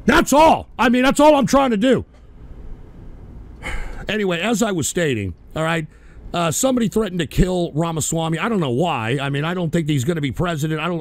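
A man hosting a live talk show, cursing and snapping irritably at the trolls in his chat between political rants. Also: sits high. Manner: profane, irritable, shouting at trolls. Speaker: livestream talk show host. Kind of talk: live call-in radio rant.

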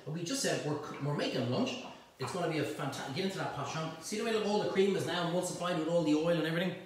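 A man's voice: fairly high pitch, heavy reverb, recorded from a distance, slight background noise, poor audio. A man hosting a casual cooking demonstration, chatty and jokey as he cooks and talks to his helpers in a home kitchen. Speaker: cooking show host.

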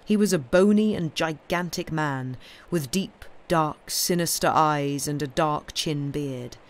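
A woman reading a classic detective story aloud in a steady storytelling voice. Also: low voice. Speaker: reader.

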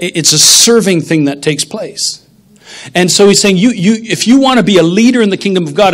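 A man preaching a sermon in a conversational style, often checking in with "okay?" and "right?". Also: high voice. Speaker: pastor. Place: church sanctuary.

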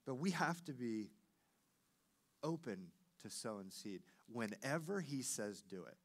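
A man preaching as a pastor, telling a personal story in a lively way and acting out the voices of the people in it. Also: mid-range voice, a little slow. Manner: animated storyteller, acts out quoted voices. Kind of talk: sermon with storytelling.

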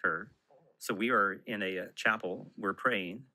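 A man who is a Catholic priest, telling a story in a measured way during a podcast interview. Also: fairly low pitch, sharp tone, rough recording. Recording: played from a podcast clip.

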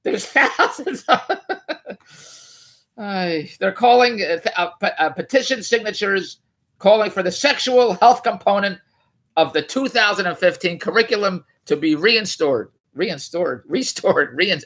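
This man speaks at normal speed in a high, slightly bright voice with lively intonation. As a vlogger, he rambles through a news article with mocking disbelief, wandering off on tangents and correcting himself often.

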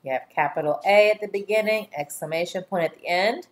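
A woman teacher giving a slow dictation lesson to young children, speaking clearly and deliberately and drawing out each syllable. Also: on the low side. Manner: clear, deliberate, spells words and stretches syllables.

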